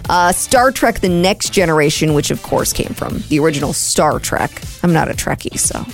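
A woman co-hosting a radio show, chatting casually and reading entertainment news briskly. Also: deep voice, expressive, soft background music. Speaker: radio co-host.

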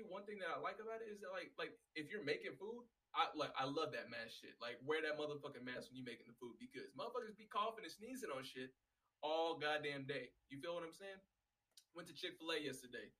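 A man rants in a loose, profane, exasperated monologue. His voice sits fairly high and sounds bright and tense. He is recorded from some distance off the mic. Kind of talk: casual ranting monologue.

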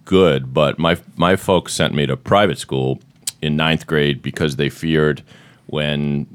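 Very deep-voiced playful male podcast host. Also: smooth. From Massachusetts. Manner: playful, jokey, quick bursts of excitement. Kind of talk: casual podcast chat.

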